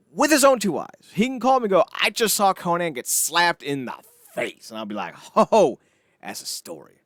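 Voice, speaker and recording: A man co-hosting a casual wrestling podcast, ranting in an animated, sarcastic way with frequent swearing. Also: high voice, no echo, studio quality. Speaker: podcast co-host.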